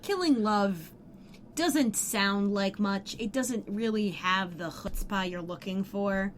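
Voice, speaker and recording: A woman's voice: medium pitch, slow pace, slight background noise. A woman co-hosting a podcast in casual chat, blunt and jokey, swearing offhandedly and playfully opinionated. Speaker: podcast co-host. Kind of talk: casual chat recapping a TV episode.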